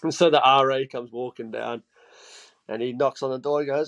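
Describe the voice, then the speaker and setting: A man's voice: mid-range voice, brisk. An upbeat young Geordie man, the guest on a casual chat podcast, rattles through stories with plenty of laughter and bits where he acts out what other people said. His voice sits in a middling register for a man. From England. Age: 20s.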